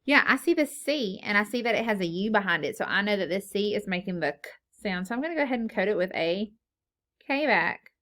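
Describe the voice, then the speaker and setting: A patient woman teaching phonics to young children. She asks a question, pauses, then answers it herself, sounding words out slowly letter by letter. Her voice sits at a middle pitch. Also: expressive, fairly bright tone.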